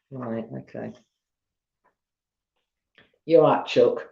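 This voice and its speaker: A woman's voice: low-pitched, animated, measured pace, dark tone. Chatty Southern English woman storyteller. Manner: chatty, self-deprecating, greets viewers between readings. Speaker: storyteller on a live stream. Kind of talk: reading ghost stories aloud and chatting with viewers. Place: at home on a sofa. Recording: roomy, dull lo-fi stream audio.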